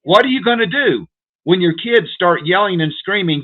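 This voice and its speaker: A man's voice: high-pitched, animated, brisk. A man hosting a livestream, lecturing viewers in an urgent, repetitive way and calling them "folks" over and over. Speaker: prepper livestream host. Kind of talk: direct-to-viewer livestream rant. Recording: tinny phone-like audio.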